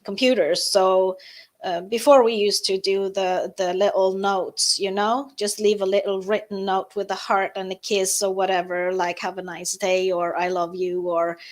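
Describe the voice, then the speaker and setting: A woman with a Norwegian accent, a guest in a live interview, talking softly and hesitantly with many fillers and restarts. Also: medium pitch, level tone, moderate pace.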